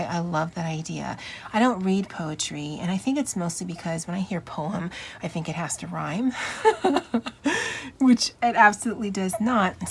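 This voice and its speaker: Casual woman vlogger, lowish voice, faint room noise, chatty with fillers. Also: vocal fry. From Hawaii. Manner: chatty, frequent fillers and soft laughs. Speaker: planner vlogger. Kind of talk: casual show-and-tell. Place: home desk.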